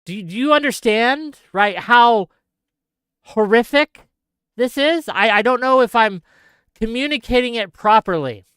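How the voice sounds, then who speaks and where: Male commentator, upset, halting and emphatic, clean crisp voice, bright tone. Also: very high-pitched, animated, dry recording, studio quality. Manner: emphatic, halting, repeats himself. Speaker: online commentator. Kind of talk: reaction commentary on video clips.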